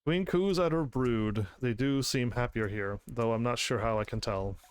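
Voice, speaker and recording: A man's voice: medium pitch, normal speed, smooth. A man streaming a game who chats to his audience, laughs often, and reads the game's narration aloud. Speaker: gaming streamer. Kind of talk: casual game commentary.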